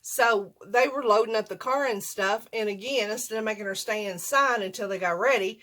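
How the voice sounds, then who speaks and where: An older woman with a drawl tells a long, winding story to her camera at home. She rambles in a folksy way, laughing at herself and circling back with "so anyway." Her voice sits at a middling pitch. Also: a little fast, a bit bright. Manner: rambling, folksy, self-deprecating. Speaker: vlogger. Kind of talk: casual storytime.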